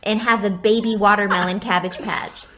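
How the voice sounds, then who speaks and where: A woman's voice: mid-range voice, fairly even intonation, normal speed, background noise. A woman from the American South co-hosting a podcast in casual chat, playful and filling her talk with "like". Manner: chatty, playful, says "like" often. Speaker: podcast co-host.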